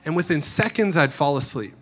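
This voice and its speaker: A man preaching a sermon, telling a personal story earnestly, dropping to a hush and rising again. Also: on the high side, animated, a little fast. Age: adult. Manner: earnest storytelling, swings from hushed to loud. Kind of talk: sermon testimony.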